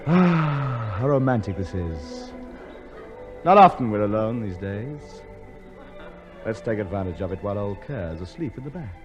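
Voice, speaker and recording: An actor playing a pompous, blundering comic lead in a 1950s radio comedy, blustering and stammering when flustered. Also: male voice, lowish voice, big pitch swings, measured pace, lo-fi sound. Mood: wooing. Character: pompous, bumbling, cowardly male car owner. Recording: old radio broadcast with music.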